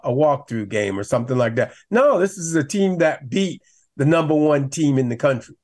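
A man's voice: fairly high pitch, darkish tone. A middle-aged man talking as a guest on a sports radio show, enthusiastic and repeating himself for emphasis. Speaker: guest analyst, former running back.

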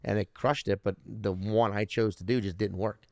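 A man's voice: fairly low pitch, steady tone, normal speed, gravelly, a little mellow, dry recording, clean studio sound. Profane, rambling man in his thirties. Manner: profane, rambling, restarts often. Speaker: stand-up comedian guest. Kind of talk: casual podcast storytelling.

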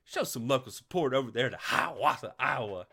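A man hosting a casual livestream show, congested from a sinus infection, giving energetic shout-outs to viewers. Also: medium pitch, brisk, slightly rough. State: coughing.

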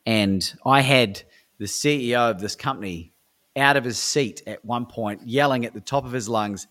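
A man's voice: medium pitch, normal speed. An Australian man, a speaker and coach, telling stories energetically as an interview guest and acting out dialogue. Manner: energetic, acts out dialogue, frequent restarts. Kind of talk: animated interview storytelling.

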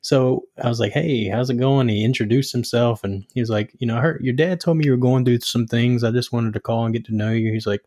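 Relaxed young man chatting. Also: medium pitch, brisk, few pauses. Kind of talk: casual chat.

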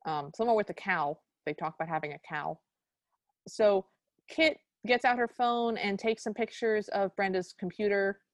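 A woman's voice: mid-range voice, moderate pace, dry recording. A woman co-hosting a podcast, recapping a movie in casual chat with a sarcastic, exasperated edge. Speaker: podcast co-host.

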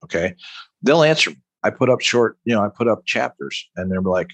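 A man's voice: fairly low pitch, expressive, a little fast, no echo. A man from Long Island, an author and veteran, talking at length in an interview, emphatic and rambling, often tagging "right?". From Long Island, New York. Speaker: author, military veteran guest. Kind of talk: conversational interview.

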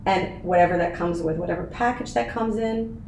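A woman's voice: lowish voice, normal speed, darkish tone. A woman in her thirties, a podcast guest telling her story in an earnest, emotional way, laughing at times. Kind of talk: casual interview chat. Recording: echoey room, faint noise.

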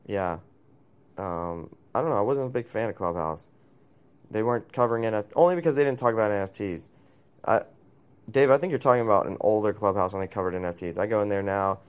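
A man's voice: on the low side, brisk, clear, resonant tone. A man hosting a casual online voice chat, asking questions and joking with a teasing manner. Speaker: host.

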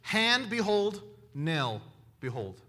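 A man preaching a sermon in an animated way, firing rhetorical questions at his listeners. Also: high-pitched, slow pace. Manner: animated, asks the audience many rhetorical questions.

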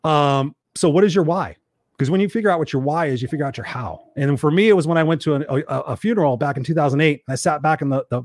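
A man's voice: a little high, darkish tone, no room sound, studio quality. A man in his forties giving a fiery, profane motivational talk as a livestream host.

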